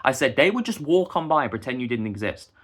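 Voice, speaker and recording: Speaking at a quick pace with a very animated, medium-pitched voice, a young busker and vlogger from England rants indignantly and heatedly straight into the camera.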